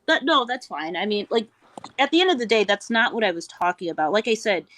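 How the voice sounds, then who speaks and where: A woman's voice: medium pitch, expressive, brisk, a bit bright. A woman speaking bluntly and confrontationally, with cursing, in a casual live-stream argument. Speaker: TikTok live guest.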